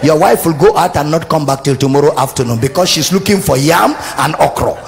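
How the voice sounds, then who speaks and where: A man preaching a sermon with a Nigerian English accent, animated and humorous, acting out little scenes for the congregation. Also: on the high side, a little fast, creaky. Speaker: pastor. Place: church service.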